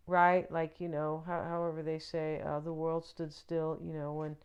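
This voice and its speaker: A woman talks through a tarot spread in a relaxed, rambling way, leaning on fillers and friendly check-ins. Her voice is smooth and clear, and her pitch sits right in the middle. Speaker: tarot reader. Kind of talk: casual tarot reading for viewers.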